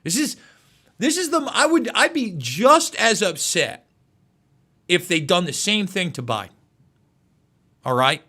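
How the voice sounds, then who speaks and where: Man, live news commentary host, high lively voice, bright tone, emotional, stammering restarts. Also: a little slow, pauses often. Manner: emotional, repetitive, stumbles over words.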